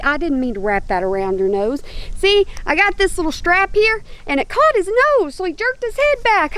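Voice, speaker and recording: A woman's voice: very high-pitched, big pitch swings, fairly bright tone. A woman hosting a casual commentary channel, chatting to camera outdoors and drifting off to talk to her animals. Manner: chatty, drawn-out, talks to her animals between points. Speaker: YouTube commentary host.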